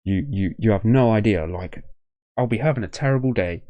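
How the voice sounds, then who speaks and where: A man's voice: on the low side, fairly quick, dry recording, dull audio. A tired man from Leicester, hosting a music reaction video in a rambling, effusive way, full of thank-yous. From Leicester, English Midlands. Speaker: music reaction channel host. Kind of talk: casual reaction-video chat.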